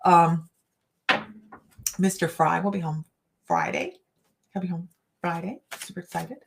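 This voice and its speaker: A woman's voice: lowish voice, very animated, measured pace, vocal fry, noisy background. A middle-aged woman reading cards on a casual live chat, rambling and laughing often. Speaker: psychic card reader.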